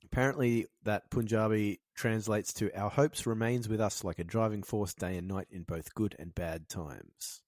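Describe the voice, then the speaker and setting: A lower-voiced man trading dry, teasing jabs on a comedy podcast, chuckling now and then. He is recorded close on a mic with no room echo. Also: moderate pace, hardly any pauses, a little mellow. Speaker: podcast co-host. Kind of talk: casual comedic banter.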